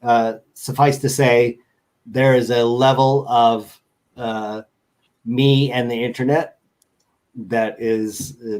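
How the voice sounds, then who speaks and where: A man's voice: mid-range voice, darkish tone. A man chatting as a guest on a show, rambling and joking as he tells stories over a video call. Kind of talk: casual chat.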